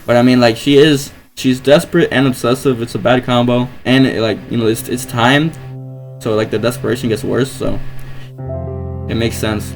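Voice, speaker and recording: A man's voice: mid-range voice, fairly even intonation, moderate pace, gravelly, over music, poor audio. A young man playing a visual novel, reading the text aloud and rambling hesitantly between lines, full of fillers and restarts.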